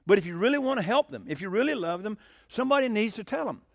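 A man's voice: high-pitched, lively intonation, fast, creaky, no room sound. A man preaching a sermon, telling folksy stories and asking the congregation questions. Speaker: pastor.

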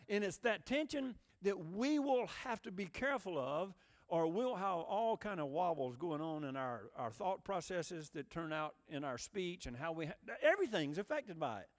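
A man preaching a sermon in a conversational, emphatic way, often asking the listeners direct questions. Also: high-pitched. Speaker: pastor.

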